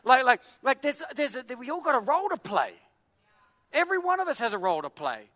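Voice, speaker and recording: A man in his thirties preaching a sermon in a church, animated and joking, full of filler words. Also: very high voice, a little fast, no room sound, big-room sound. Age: 30s. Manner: animated, jokey, many filler likes. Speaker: pastor.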